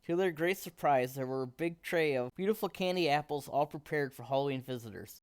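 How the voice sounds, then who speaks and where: A man reading a children's picture book aloud in a steady, expressive storytelling manner. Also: on the high side, brisk, clear, resonant tone, no echo, clean studio sound.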